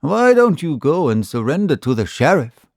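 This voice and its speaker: A man's voice: a little high, sing-song, normal speed, darkish tone, dry recording, studio quality, pitched above the performer's own voice. A man voicing a blunt, folksy outlaw sidekick who scolds his partner. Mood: scolding.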